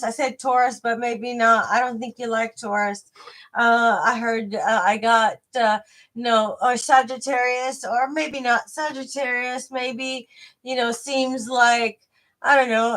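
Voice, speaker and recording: A woman doing a live tarot reading, her voice sitting a little high. She talks slowly, drifting and restarting with lots of fillers, chatty with her viewers. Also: fairly bright tone. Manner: hesitant, rambling, many fillers and restarts. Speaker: tarot reader.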